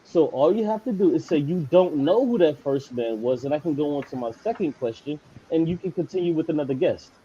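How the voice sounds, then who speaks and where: A man's voice: a little high, lively intonation, fairly quick, few pauses, warm tone, muffled recording, slight background noise. A man calling in to an online debate show, insistently repeating his questions. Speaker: caller.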